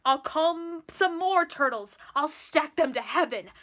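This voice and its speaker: A woman's voice: sits high, expressive, unhurried, fairly bright tone. A woman voicing a pompous, boastful male turtle king who bellows his commands. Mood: furious.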